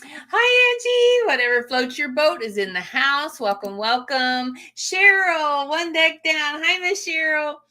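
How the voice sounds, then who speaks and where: A woman's voice: high-pitched, expressive, measured pace, pushed and bright. A woman hosting a casual livestream, greeting viewers in a gushing, emotional way with many fillers. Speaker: livestream host. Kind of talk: casual live chat with viewers.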